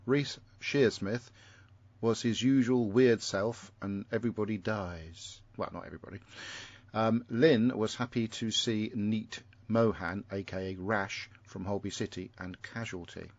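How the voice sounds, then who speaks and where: A low-voiced man chats casually on a podcast, reading listener messages and breaking off into rambling asides. The sound is dry and close, a bit dull and lo-fi. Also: measured pace, dry recording. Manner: rambling, self-interrupting, chuckling asides. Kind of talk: casual chat.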